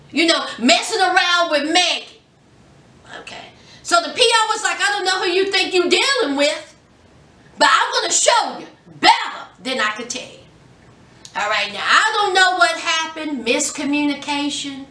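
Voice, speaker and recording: A woman recapping a reality show in casual, sassy chat, acting out the quotes. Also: sits high. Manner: animated, sassy, acts out quotes. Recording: echoey room, distant from mic.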